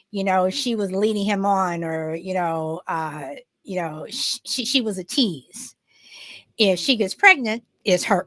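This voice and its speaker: Woman, live-chat host, slow unhurried talk, frequent laughs and fillers, dry close sound. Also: medium pitch, a bit bright, dry recording. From Southern California. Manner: slow, laughing often, many fillers and restarts. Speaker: livestream host. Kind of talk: casual live chat with viewers.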